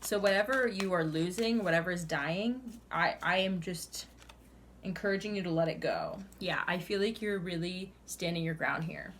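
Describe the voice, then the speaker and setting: Woman tarot reader, fairly low voice, earnest chatty delivery, faint hiss behind. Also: moderate pace, fairly bright tone. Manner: earnest, chatty, sighing between cards. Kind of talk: tarot reading to camera.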